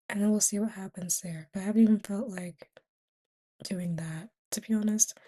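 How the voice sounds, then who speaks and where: A woman's voice: mid-range voice, steady tone, normal speed, mellow, slightly rough. A tired young woman vlogging in a casual, rambling way, often dropping to a whisper between fillers. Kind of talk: casual confessional chat.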